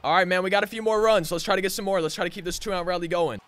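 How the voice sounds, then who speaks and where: A young man commentating his own baseball video game, swinging between frustrated groans and loud hype. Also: sits high, rapid-fire, clear, resonant tone. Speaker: gaming channel host. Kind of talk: live gameplay commentary.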